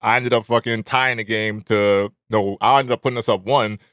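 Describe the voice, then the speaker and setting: A man's voice: fairly low pitch, moderate pace, no room sound, studio quality. Laid-back man telling a profane story. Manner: relaxed, profane storytelling with slang. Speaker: podcast host. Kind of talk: casual chat.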